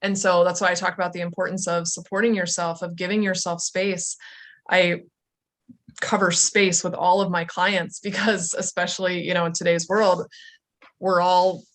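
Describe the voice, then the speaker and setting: A woman coach answers interview questions in a reflective, measured manner. Her voice sits on the lower side for a woman. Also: level tone, fairly bright tone. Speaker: life coach guest.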